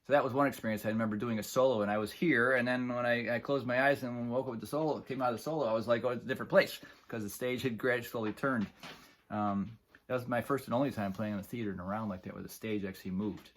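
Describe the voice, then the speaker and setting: A man's voice: medium pitch, fairly even intonation, fast, a bit bright, a little hiss or hum. Chuckling, rambling middle-aged storyteller man. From Buffalo area, New York. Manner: rambling, chuckling, many fillers. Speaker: musician telling a story. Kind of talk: casual spoken storytelling.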